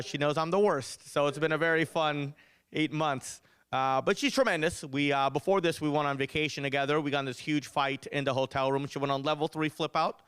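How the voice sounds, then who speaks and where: A young man doing a stand-up comedy set, telling animated stories with punchy delivery. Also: medium pitch, clear, resonant tone, dry recording. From United States.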